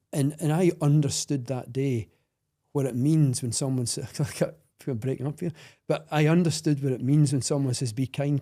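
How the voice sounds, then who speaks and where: A Scottish man telling a personal story as a podcast guest, earnest and halting, with many restarts. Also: mid-range voice, mellow.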